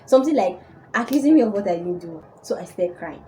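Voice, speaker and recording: A woman's voice: mid-range voice, fast talker, slight background noise, rough recording. A young woman telling a personal story casually to her viewers. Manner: animated storytelling. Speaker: vlogger.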